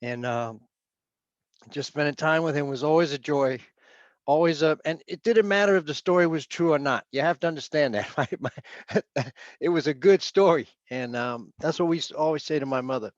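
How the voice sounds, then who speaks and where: A man from Queens, sharing stories of a departed friend and bandmate on a video call, often trailing off into soft pauses. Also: a little high, dry recording. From Queens, New York. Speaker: friend and bandmate giving a tribute. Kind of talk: heartfelt remembrance on a video call. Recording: dull lo-fi video call audio.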